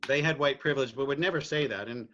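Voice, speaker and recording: A middle-aged man from Virginia talks candidly as a podcast guest, his voice sitting at an ordinary male pitch. He is reflective, circling back and restarting phrases and tagging points with "right?". The audio is a little dull and lo-fi. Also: fast talker, a bit bright, a little hiss or hum. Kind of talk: candid personal conversation.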